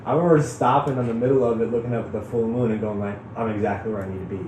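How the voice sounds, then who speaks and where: A man from Chicago telling a wild personal story in casual chat, animated, laughing often and swearing freely. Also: mid-range voice, very fast, roomy sound, noisy background. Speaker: guest.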